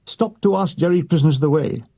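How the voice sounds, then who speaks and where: Male memoir reader, gravelly and husky, mellow tone, dry comic timing. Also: fairly high pitch, fairly quick. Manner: dry comic delivery with voiced quotes. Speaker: audiobook reader. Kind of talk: reading a wartime memoir aloud.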